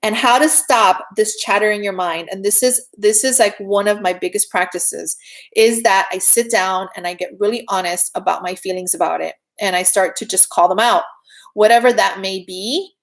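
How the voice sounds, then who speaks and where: A woman's voice: mid-range voice, moderate pace. A middle-aged woman giving an earnest, chatty spiritual talk to her viewers, often checking in with "right?". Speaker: spiritual teacher.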